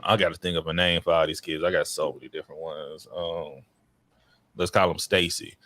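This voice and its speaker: A man casually telling stories as a podcast guest about his child welfare work, in an animated, slangy way. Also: a little fast, no echo. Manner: animated, slangy, breaks into high excited quoted voices. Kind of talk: casual storytelling chat.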